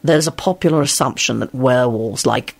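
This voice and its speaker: A woman voicing a blunt, bored-sounding male werewolf who swears crudely, her pitch dropped lower than her own. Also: fairly quick, creaky, slightly rough, exaggerated voice. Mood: dry. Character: young adult male werewolf, dry and blunt.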